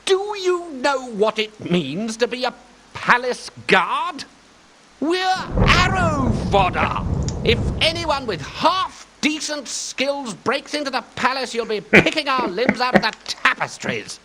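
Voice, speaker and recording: A man's voice: very high voice, big pitch swings, slow, noisy background, full character voice. An actor playing a cynical, bored male palace guard with a dry, sardonic drawl. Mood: deadpan.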